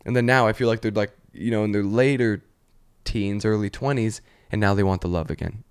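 A man's voice: fairly low pitch, steady tone, brisk, clean tone. A young man hosting a podcast, chatting loosely with many 'like's and slipping into silly voices. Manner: rambling storyteller, full of 'like', acts out voices. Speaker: podcast host. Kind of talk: casual chat.

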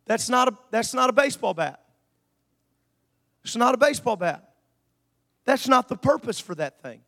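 A male pastor preaching a sermon, moving from quiet asides to shouted peaks. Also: very high voice, lively intonation, normal speed, gravelly.

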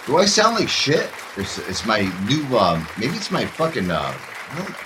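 A man's voice: mid-range voice, wildly swooping pitch, moderate pace, noisy background. A man hosting a live online show in a casual, rambling, upbeat way, sometimes sing-songing his lines. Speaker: show host. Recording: music and crowd behind, distant-sounding mic.

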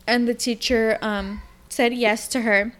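A young woman chatting casually and telling a story in an animated way, acting out a little child's lines. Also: on the high side, a little slow. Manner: animated storyteller, acts out her toddler's lines. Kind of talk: casual chat.

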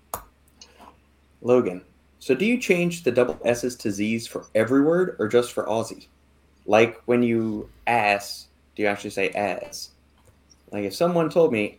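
An American man hosting a podcast, relaxed and easygoing, asking questions and wrapping up the show. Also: medium pitch, moderate pace. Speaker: podcast host. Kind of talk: casual podcast chat.

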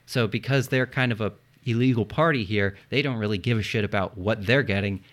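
A man's voice: fairly low pitch, fairly quick. Man casually telling history, joking. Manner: joking, swears, spells words out loud. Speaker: podcast host telling history. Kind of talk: casual history podcast chat.

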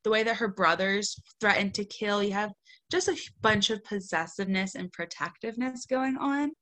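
A woman with a bright, forceful voice talks through a book review in casual podcast chat. She is animated and swears freely, and she reads favorite lines in a dry, deadpan way. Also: medium pitch, moderate pace.

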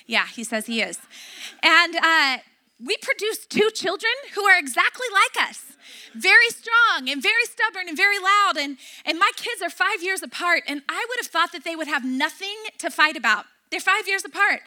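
A woman's voice: extremely high pitch, expressive, moderate pace, pushed and bright. A middle-aged woman pastor preaching a sermon, emphatic and repeating key phrases.

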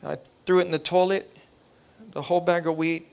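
Man preaching at a revival, kinda high voice, builds up heated and repeats lines like a preacher. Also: flat delivery, a little fast, gravelly, clean tone. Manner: impassioned, rising to near shouting; preacherly cadence with repetition. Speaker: pastor. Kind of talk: revival sermon testimony.

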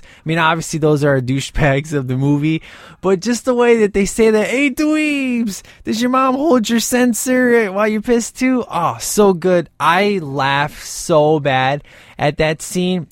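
A man chats loosely about a film, leaning on fillers and quick asides. His voice sits a little high, and the sound is dry and close. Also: no echo. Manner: rambling, many fillers like "you know". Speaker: movie reviewer. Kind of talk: casual video commentary.

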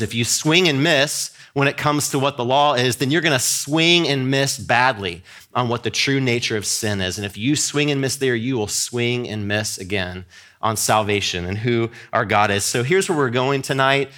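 A man's voice: medium pitch, sharp tone. A man preaching a sermon in an earnest, emphatic way, often restarting his words as he builds a point.

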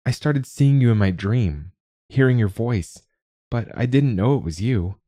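A man voicing a young adult daughter who has just woken, her voice strained and croaking but her words tumbling out quickly. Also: medium pitch, animated, mellow, no room sound, clean studio sound, pitched above the performer's own voice. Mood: earnest. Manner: rapid cascade of words.

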